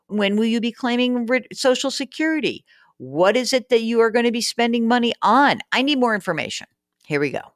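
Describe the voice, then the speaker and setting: Her voice leans high, and the studio sound is clean with no echo. She's a personal finance podcast host reading listener letters aloud and responding in a frank, chatty, teasing way, casual advice talk throughout.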